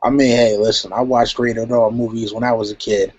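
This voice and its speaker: A man's voice: mid-range voice, little pitch movement, a little fast, darkish tone, no room sound. A man talking casually in a live chat, laid-back and rambling with "you know" and "um". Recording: dry, dull lo-fi stream audio.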